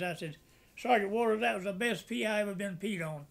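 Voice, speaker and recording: A man's voice: high voice, brisk, creaky. An older man, a war veteran, telling wartime stories in a folksy way and acting out the voices of the people in them. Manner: folksy, acts out quoted voices, laughs at own jokes. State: tearful at times. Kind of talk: oral history storytelling.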